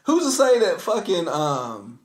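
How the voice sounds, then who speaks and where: A man co-hosting a podcast in casual chat, laughing often and chiming in with quick agreement. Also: high voice, huge pitch swings, reverberant. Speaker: podcast co-host.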